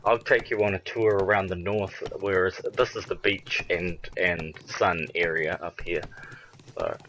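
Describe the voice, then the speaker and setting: Deep bright-voiced New Zealand man. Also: steady tone, unhurried, slight background noise, poor audio. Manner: laid-back, chuckling, swears casually. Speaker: gamer chatting in an online party. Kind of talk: casual chat.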